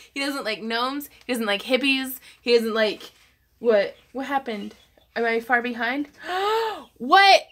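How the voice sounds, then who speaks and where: A chatty woman hosts a casual craft livestream. She talks in a fairly high voice, giggles often, and reads viewer comments aloud. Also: fairly bright tone.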